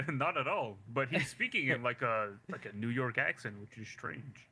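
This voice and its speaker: A man co-hosts a casual comic review, offering relaxed asides. His voice is mid-pitched but very bright, with a lively, varied pitch. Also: measured pace, breathy edge. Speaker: podcast co-host.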